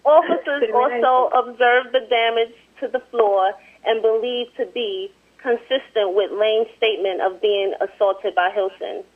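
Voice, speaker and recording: A soft-spoken woman chatting as a guest and reading a news story aloud. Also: fairly high pitch, measured pace, few pauses. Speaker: show guest and co-host. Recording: tinny phone-line sound.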